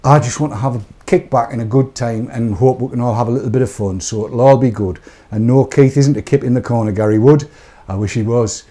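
A man's voice: mid-range voice, fairly quick, warm tone. A man hosting a live show, chatting and joking off the cuff as he rambles through products. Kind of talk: casual live-stream chat.

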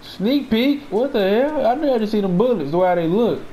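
A man's voice: high voice, animated, moderate pace, warm tone, slight background noise. A young adult man hosting let's-play commentary, joking brashly in heavy profane slang. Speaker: gaming host.

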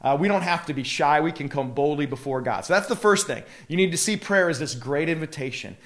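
A man's voice: on the high side, a little fast, fairly bright tone. A male pastor giving a live devotional talk, earnest and emphatic, with casual fillers.

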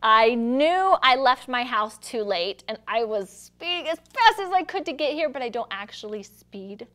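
A woman's voice: on the high side, animated, moderate pace, fairly bright tone. Chatty, giggly woman hosting a live show. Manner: chatty, giggly, self-deprecating. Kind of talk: casual live-stream chat.

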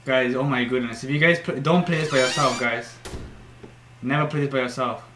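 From an echoey room at home with faint noise, a young YouTuber provides horror let's play commentary, jumpy and swearing, with shrieks when startled. His mid-range voice keeps a steady tone and moves a little fast.

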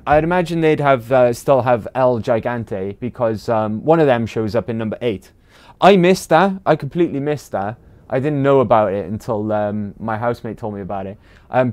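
A man's voice: medium pitch, a little mellow. A man with a British accent, chatting casually to viewers while livestreaming a game, rambling with lots of ums and uhs. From Britain. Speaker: game streamer.

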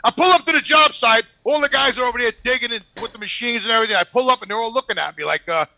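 High fast-talking man. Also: creaky, dry recording, muffled recording. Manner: profane, animated, quotes people in put-on voices. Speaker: regular podcast guest. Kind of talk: casual storytelling.

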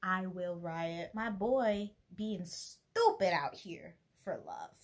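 A young book vlogger with a lowish voice talks slowly and casually about what she's reading, gushing and laughing often and occasionally reading passages aloud.

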